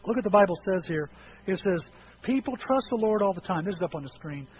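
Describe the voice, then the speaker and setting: Male pastor, animated sermon delivery, voice sits a bit high, muffled church recording. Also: quick pace, a little hiss or hum. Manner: animated, acts out quoted voices with sudden high yelps.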